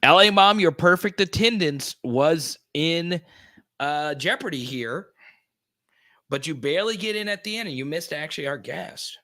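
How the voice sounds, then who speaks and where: A man hosting a casual livestream, chatting with viewers and greeting them by name with bursts of excitement. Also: on the high side, moderate pace, dry recording, studio quality. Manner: excitable, greets chatters loudly, many restarts. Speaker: host.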